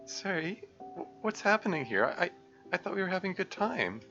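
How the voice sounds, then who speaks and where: A man voicing a caring, earnest teenage girl, club president, speaking in a gentle, pleading, concerned way. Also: high-pitched, very animated, fairly quick, dull audio, faint music behind, voice pushed up, full character voice. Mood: worried.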